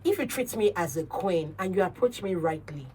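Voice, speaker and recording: A Nigerian woman talk-radio host with a slightly low voice. She speaks assertively and animatedly, slipping into other voices for quoted lines, over a faint background noise. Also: expressive, normal speed, dark tone, recorded from a distance. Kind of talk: casual radio chat.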